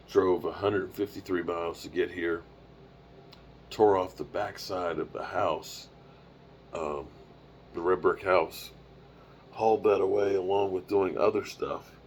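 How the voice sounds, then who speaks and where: On a casual live stream from the road, a weary man in his fifties rambles and yawns, running his audio through a microphone and small mixer. His deep voice stays fairly even in intonation at a measured pace, with slight background noise.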